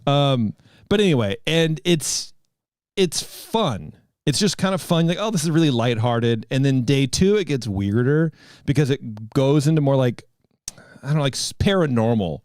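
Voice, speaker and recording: A man's voice: medium pitch, expressive, normal speed, darkish tone, no room sound, clean studio sound. A man in his thirties hosting a podcast, telling a rambling story in casual chat. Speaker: podcast host.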